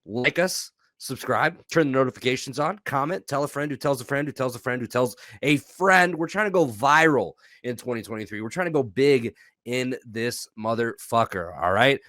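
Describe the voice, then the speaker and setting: A man's voice: mid-range voice, normal speed, a bit bright, no echo, studio quality. Profane, jokey male podcast host. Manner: profane, jokey, hypes the audience. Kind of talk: casual podcast chat.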